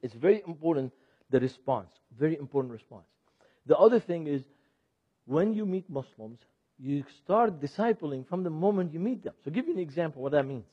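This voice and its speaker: Man, sermon-style teaching, husky voice, animated, asks the audience questions, dry lo-fi sound. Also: on the high side, a little fast, no room sound. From Lebanon. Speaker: ministry speaker. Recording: dull, dry lo-fi recording.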